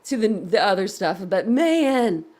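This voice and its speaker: A woman's voice: medium pitch, sing-song, measured pace, darkish tone. A woman hosting a casual live reaction stream, giggling constantly and laughing to tears. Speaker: livestream host. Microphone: computer at desk.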